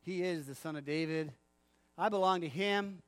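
A man with a high voice delivers a sermon, animated and playful, and he acts out the quotes he tells and laughs often. The sound is close and dry, with no room echo. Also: moderate pace, smooth. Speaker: pastor. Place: church.

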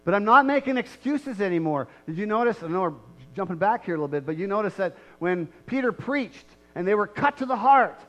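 A man's voice: sits high, lively intonation, a little fast. A male pastor preaching a sermon in a conversational way, repeating key lines and checking in with the congregation. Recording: muffled lo-fi recording.

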